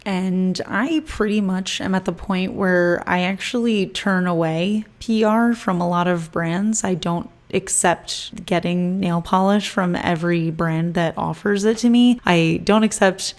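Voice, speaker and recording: A young woman answering viewer questions in a casual, chatty vlog, laughing often and using lots of fillers. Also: on the low side. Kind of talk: casual chat.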